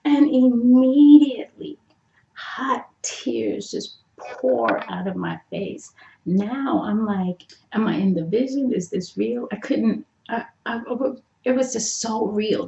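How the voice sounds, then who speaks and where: A middle-aged woman tells her own story to camera, excitable and dramatic. She acts out her thoughts, moving from near-whispers to high cries. Her voice is gravelly and mellow, recorded in an echoey room with a dull, lo-fi sound. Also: takes it slowly. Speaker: vlogger telling a personal success story. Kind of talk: animated personal storytelling.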